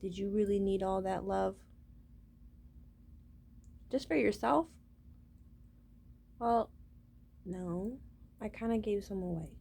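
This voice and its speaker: A woman's voice: mid-range voice, a little slow, creaky, long pauses, a little mellow. A woman talking to her viewers in a rambling, casual vlog monologue, swearing freely and often starting with "listen". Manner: rambling, profane, keeps saying "listen". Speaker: vlogger.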